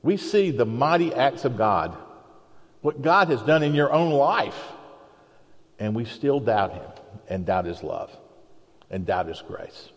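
A man's voice: mid-range voice, big pitch swings, takes it slowly, long pauses. A man preaching a sermon in a conversational, storytelling way, acting out the people he quotes. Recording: long hall reverb.

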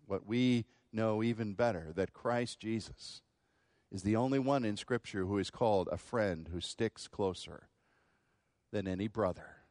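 Man, sermon, loud-to-hushed swings, dry recording. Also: no echo. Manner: dramatic, swings between loud quoted outbursts and low hushed asides. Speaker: preacher.

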